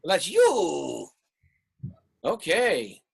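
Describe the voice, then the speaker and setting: A man's voice: on the high side, extremely slow, vocal fry, husky. Rambling art teacher, a man. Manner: relaxed, rambling with many fillers. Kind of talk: online class lecture and critique. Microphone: video call.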